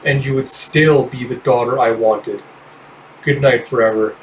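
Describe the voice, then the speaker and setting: Man doing a stern calm patriarch. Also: slight background noise, natural voice. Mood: somber. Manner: lowered, measured put-on voice. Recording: roomy, distant mic.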